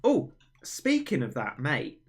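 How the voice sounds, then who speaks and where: A man's voice: medium pitch, huge pitch swings, slow, creaky, husky. A young man hosting a livestream, chatting casually in a rambling, self-mocking way. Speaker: livestream host. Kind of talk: casual chat on a stream.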